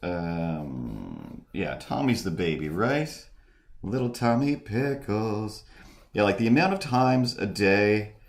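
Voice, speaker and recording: A man hosting a live stream, chatting casually and rambling with many halting restarts and fillers. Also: on the low side, sing-song, gravelly. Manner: mimics voices in quoted asides. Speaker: streamer and host.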